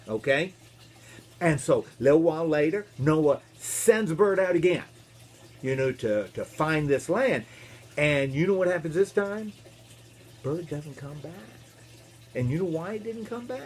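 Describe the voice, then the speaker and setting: Man, minister, kids' storytelling, very lively intonation, slightly high voice, playful. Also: measured pace, husky. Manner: animated, playful, asks kids questions, makes animal noises. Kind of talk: storytelling for children.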